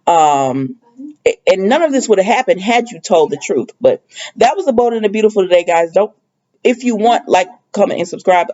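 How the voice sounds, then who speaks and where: A chatty woman runs through the day's soap opera episode, animated and full of colloquial asides. Her voice sits at a middle pitch. The recording is a touch dull and lo-fi. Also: normal speed. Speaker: soap opera recap vlogger. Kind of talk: casual recap chat.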